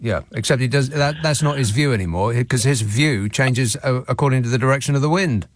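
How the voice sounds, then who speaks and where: A male radio phone-in host talking in a sardonic, mocking, quick-witted way. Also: medium pitch, slight background noise. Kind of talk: casual radio chat. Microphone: studio microphone.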